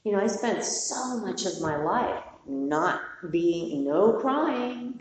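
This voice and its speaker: A woman's voice: fairly low pitch, very animated, a little slow, a little mellow. A middle-aged woman teaching meditation, giving a candid, digressive dharma talk to a group with some casual swearing. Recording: roomy hall from a distance, faint noise.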